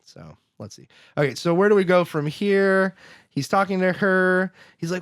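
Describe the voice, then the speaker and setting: This podcast co-host walks through a movie in relaxed conversation, laughing and voicing the characters' lines in an animated way. His voice sits high and sounds clear and resonant at a normal pace, recorded dry with clean studio sound.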